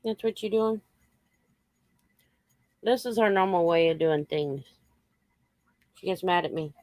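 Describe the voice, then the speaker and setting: At home with her dogs around, a woman vlogger chats casually with her pets, coarse and talkative as she alternately scolds and coos at them. Her voice is fairly low, a little slow and a little mellow, with no echo.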